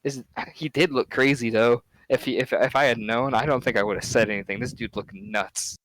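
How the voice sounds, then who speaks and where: A man's voice: medium pitch, steady tone, a little fast, a bit bright, dry recording, low-quality recording. A young man co-hosting a podcast in casual chat, laid-back, saying "dude" and laughing easily. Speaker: podcast co-host.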